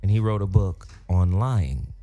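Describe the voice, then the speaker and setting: A male radio host with a lowish voice, talking loose and profane. He jokes freely and keeps the show moving, with faint music playing under him. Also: animated, measured pace, warm tone. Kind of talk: casual radio talk show.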